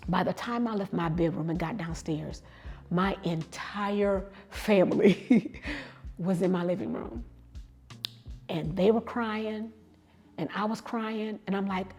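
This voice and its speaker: A woman's voice: mid-range voice, darkish tone, soft background music. A middle-aged woman telling a personal story with emotion, acting out the dialogue in it. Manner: emotional, reenacts dialogue with quick asides. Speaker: guest telling her story.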